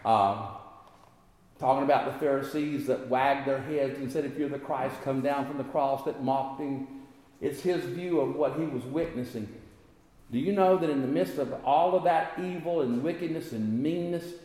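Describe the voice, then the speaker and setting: A man preaching a sermon, talking to the congregation in a conversational way and rising to impassioned high peaks. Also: moderate pace, a little mellow. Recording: echoey hall.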